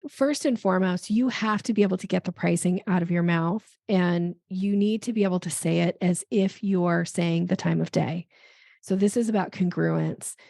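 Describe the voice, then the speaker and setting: Gravelly-voiced woman giving sales advice. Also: lowish voice, no room sound, clean studio sound. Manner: animated, acts out dialogue in quick voices. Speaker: podcast guest, sales expert. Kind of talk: conversational interview.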